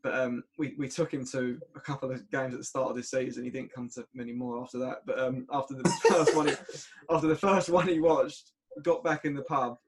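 A young man hosting a casual podcast chat, chatty and quick to laugh. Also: mid-range voice, fairly even intonation, noisy background. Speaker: podcast host.

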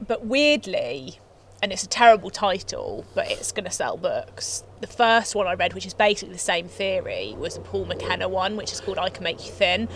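A woman's voice: lowish voice, animated, moderate pace, a bit bright, slight background noise. A young woman, chatting casually as a podcast guest, laughing often and swearing offhandedly. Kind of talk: casual chat.

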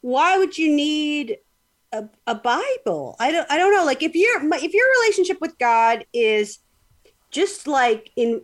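High-voiced woman telling a story casually. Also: sing-song, a little slow. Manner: rambling, many fillers and restarts. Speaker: podcast host.

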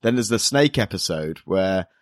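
A man's voice: deep voice, expressive, no room sound, clean studio sound. A man co-hosting a podcast in casual chat, laughing often and correcting himself as he goes. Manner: giggly, quick to laugh, self-correcting. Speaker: podcast co-host.

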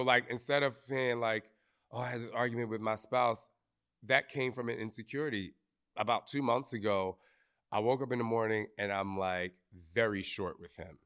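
A man's voice: lowish voice, fairly bright tone, smooth. A man hosting a live podcast recording, talking candidly and emotionally to an audience, swearing casually. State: briefly tearful. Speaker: podcast host.

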